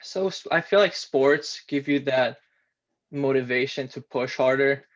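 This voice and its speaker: About twenty and a native Romanian speaker with a Romanian accent, a former student athlete tells his story plainly and matter-of-factly as a guest in a casual interview. His voice is medium-pitched and unhurried, and the recording's highs are cut off.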